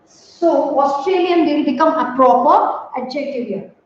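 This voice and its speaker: A woman teaching a grammar lesson to students, speaking slowly and deliberately and repeating key words. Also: high voice, slight background noise. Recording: roomy, echoey, distant, dull audio.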